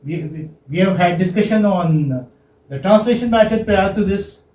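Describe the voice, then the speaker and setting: A man's voice: sits high, animated, moderate pace, darkish tone. A man lecturing a class, asking questions and repeating each point. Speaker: English teaching lecturer. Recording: echoey classroom.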